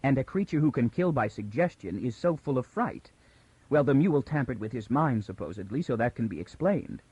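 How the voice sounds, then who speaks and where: A man voicing a frightened young woman who reasons tensely through her fear, pitched above his own voice. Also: animated, brisk, a little mellow, husky, no room sound, muffled recording. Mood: uneasy.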